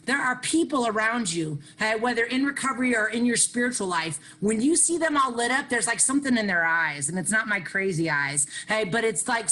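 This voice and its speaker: A middle-aged woman, talking into a computer mic on a video call at a recovery workshop. Her voice is bright and forward. She is lively and self-mocking, and she drops "hey" and "okay" into nearly every thought. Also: a little high, rough recording. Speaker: workshop speaker sharing on recovery. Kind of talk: animated recovery share.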